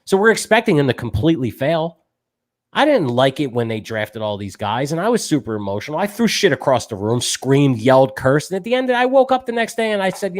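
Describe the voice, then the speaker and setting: A man co-hosting a sports talk show, talking fast and emotionally as a self-described fan. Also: a little high, big pitch swings.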